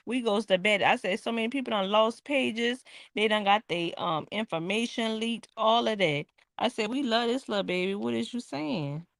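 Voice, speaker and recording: A woman's voice: a little high, moderate pace, creaky, no room sound, studio quality. A woman, co-hosting a casual late-night chat and acting out the people she quotes as she tells a story. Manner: animated storyteller, acts out quotes. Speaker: podcast co-host.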